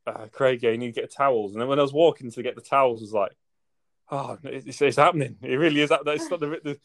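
A man, a podcast guest telling his side in casual chat, loose and quick with "sort of thing". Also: medium pitch, gravelly. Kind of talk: casual storytelling.

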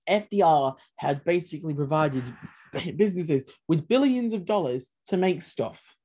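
A man's voice: fairly high pitch, lively intonation, measured pace, dark tone. A man co-hosting a history podcast, talking animatedly with sarcastic asides. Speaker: podcast co-host. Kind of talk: casual history podcast discussion.

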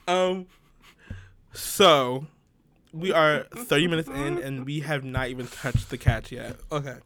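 This man's voice runs on the high side, and he speaks slowly with long pauses. Co-hosting a podcast, he tells a story in relaxed chat, laughing a lot and performing other people's lines.

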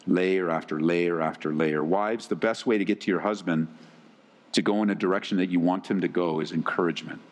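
A man's voice: low-pitched, a little fast. Earnest preacher man in a reverberant hall. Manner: earnest, emphatic, repeats key phrases. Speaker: pastor. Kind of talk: sermon.

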